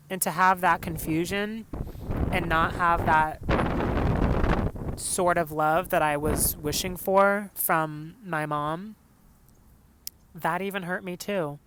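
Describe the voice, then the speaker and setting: A man's voice: a little high, sharp tone, smooth. A young man from Los Angeles telling a personal story on his podcast, casual and full of "like" and "you know". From Los Angeles, California. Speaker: podcast host.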